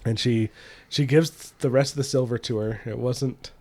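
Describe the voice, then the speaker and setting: Gravelly man retelling a story. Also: medium pitch, steady tone, moderate pace, a little mellow. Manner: retells the story loosely, with many fillers. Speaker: podcast co-host. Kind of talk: casual book discussion.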